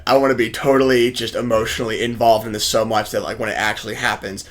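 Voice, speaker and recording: Excitable young man stammering on a podcast. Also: medium pitch, quick pace. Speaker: podcast co-host. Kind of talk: casual chat.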